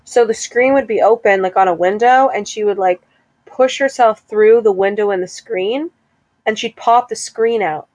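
A young woman chatting casually as a podcast co-host, playful and quick to laugh. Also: medium pitch, a little mellow, dry recording. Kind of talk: casual chat.

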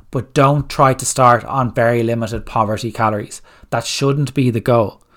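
A man hosting a solo coaching podcast, giving blunt, direct fat-loss advice and firing off rhetorical questions. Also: medium pitch. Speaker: fitness coach, podcast host.

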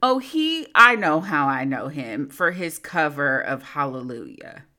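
A woman co-hosting a gossip podcast, sassy and teasing as she trades stories. Her voice is low-pitched yet bright and forceful. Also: sing-song, measured pace. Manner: sassy, teasing, playful slang. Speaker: podcast co-host. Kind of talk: casual gossip chat.

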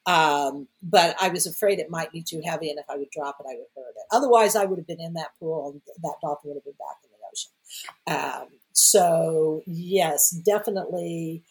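A woman being interviewed as a guest, telling stories in a lively, conversational way and acting out the voices of the people in them. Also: low-pitched, fairly quick, poor audio. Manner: animated, acts out quoted voices. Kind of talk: conversational storytelling.

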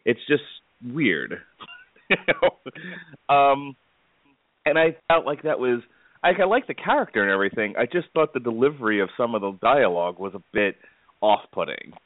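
A man hosting a casual film discussion podcast, talking in a halting way with lots of fillers. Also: mid-range voice, very animated, dry recording. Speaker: podcast host. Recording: tinny phone-like line, dry.

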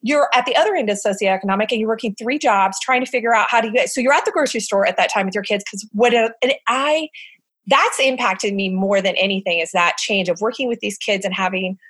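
A middle-aged woman speaking as an interview guest, telling stories in a casual, animated way with plenty of fillers and acted-out quotes. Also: mid-range voice, fast. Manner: animated storyteller, acts out quoted voices, frequent fillers. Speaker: guest, summer camp director.

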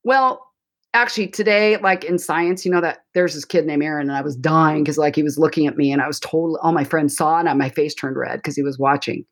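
Brief: rambling teen girl gushing about school, as a husky-voiced woman puts her on. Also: low voice, steady tone, a little fast, pitched below the performer's own voice. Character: chattering teenage girl telling her school day.

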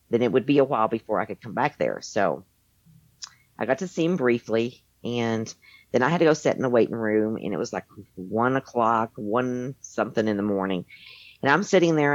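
A woman's voice: rumbling low, expressive, normal speed, no echo. A woman telling a personal story in a casual, rambling way, full of fillers and restarts. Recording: dull lo-fi dry sound.

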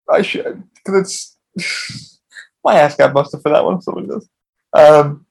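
A man with a gravelly, slightly husky voice pitched a little high, rambling through a story on his podcast. He swears freely and restarts his sentences often, in a loose, casual storytelling way. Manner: profane, rambling, frequent restarts. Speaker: podcast host.

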